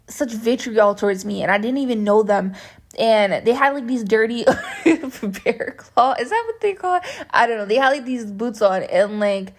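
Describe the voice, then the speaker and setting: Chatty young woman with a gravelly voice. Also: on the high side. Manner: chatty and meandering, heavy use of "like". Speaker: vlogger telling a story time. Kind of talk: casual story-time chat.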